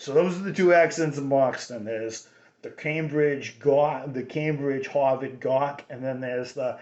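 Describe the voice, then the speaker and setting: A man's voice: medium pitch, a little slow, a little mellow. A man hosting his own radio show, rambling through a casual monologue with many restarts. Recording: roomy dull lo-fi recording.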